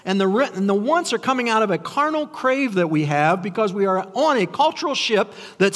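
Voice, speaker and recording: A man's voice: high voice, lively intonation, a little fast, few pauses, fairly bright tone. An older man preaching a sermon in a conversational, self-deprecating way, stumbling over restarts and tossing out rhetorical questions. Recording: long hall reverb.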